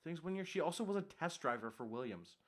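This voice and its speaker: A young man co-hosting a casual podcast, chatty and quick to laugh, with lots of fillers. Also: on the high side, expressive. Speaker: podcast co-host. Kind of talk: casual chat.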